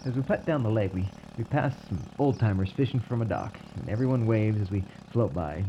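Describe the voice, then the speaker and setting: A man narrating a personal story in a calm, wry way. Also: on the low side, a little fast, highs cut off, background noise.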